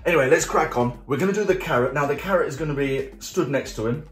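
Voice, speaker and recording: A man's voice: medium pitch, animated, fast talker, hardly any pauses. Playful man teaching kids to draw. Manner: chatty, playful, jokey step-by-step explaining. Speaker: children's art club host. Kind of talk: drawing tutorial for kids. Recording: roomy sound with faint music.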